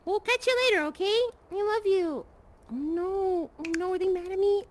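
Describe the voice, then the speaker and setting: A young woman streaming a VR game, talking softly and comfortingly to the players and creatures around her, hesitant, with many ums and sighs. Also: extremely high pitch, normal speed, slight background noise. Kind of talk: casual in-game role-play chat.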